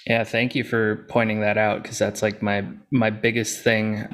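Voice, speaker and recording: A man co-director in a casual group video chat, relaxed and amused in short remarks. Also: on the low side, normal speed.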